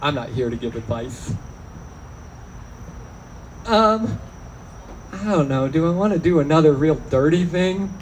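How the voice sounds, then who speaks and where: A man performing a stand-up comedy set, deadpan and self-mocking, slipping into quoted voices. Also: fairly high pitch, measured pace, long pauses, slight background noise, low-quality recording. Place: small venue, live audience.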